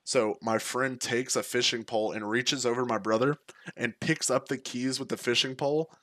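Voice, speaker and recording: A man's voice: mid-range voice, steady tone, normal speed, fairly bright tone, dry recording. A young man casually telling a personal story, laid-back and profane, full of slang and fillers. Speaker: streamer.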